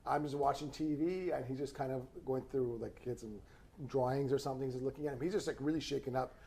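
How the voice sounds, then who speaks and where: A man's voice: mid-range voice, steady tone, fast, creaky, darkish tone. A man in his thirties hosting a podcast, telling a laid-back story with laughs and swearing. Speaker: podcast host. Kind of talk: casual chat.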